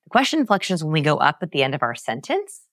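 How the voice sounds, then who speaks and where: A woman guest on a podcast, explaining research with emphatic, animated storytelling and big pitch swings. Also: very fast, no echo, clean studio sound. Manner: lively, emphatic, swings pitch high to act out examples.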